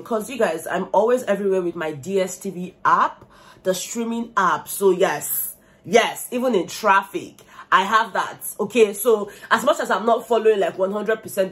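A young woman with a Nigerian accent, giving animated, gossipy commentary on a reality show and slipping into Pidgin slang. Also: mid-range voice. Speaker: vlogger.

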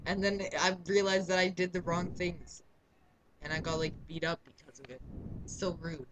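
A man's voice: high-pitched, steady tone, moderate pace, noisy background. A man co-hosting a let's play, chatting casually and laughing often as he comments on the game. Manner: giggly, rambling, jokey.

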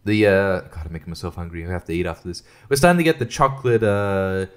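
A man's voice: low voice, quick pace, smooth. A man, hosting a casual solo podcast, rambling and swearing with frequent laughs, short on sleep. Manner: rambling, profane, laughing often. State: sleep-deprived. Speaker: podcast host.

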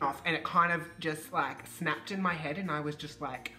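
A woman from Australia with an Australian accent, telling a storytime on her vlog with animated, profane ranting. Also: sits low, moderate pace, few pauses, soft background music. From Queensland, Australia. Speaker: vlogger.

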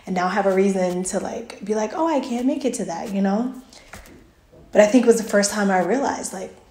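A woman's voice: mid-range voice, darkish tone. A woman vlogger chatting earnestly, telling a personal story in a casual, faith-filled way. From United States. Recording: roomy echo.

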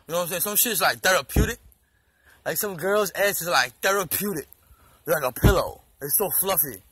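A man's voice: high voice, pushed and bright, slightly rough, poor audio. A man ranting loosely and crudely to the camera, jumping from one topic to the next, recorded outdoors in the woods. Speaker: vlogger. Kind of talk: rambling comedic rant.

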